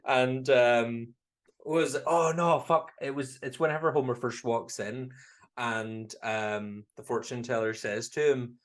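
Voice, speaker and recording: A man's voice: medium pitch, steady tone, slow. A man with a Northern Irish accent, co-hosting a casual podcast. He chats loosely, swears freely and laughs often. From Northern Ireland. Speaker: podcast co-host. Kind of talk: casual chat reviewing a film.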